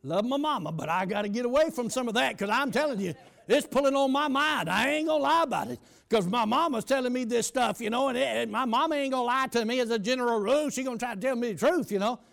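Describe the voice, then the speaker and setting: Preacher guy, real high gravelly voice, tells his story then belts it out slow. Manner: preaches in bursts, shouting and slowing for emphasis. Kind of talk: storytelling sermon.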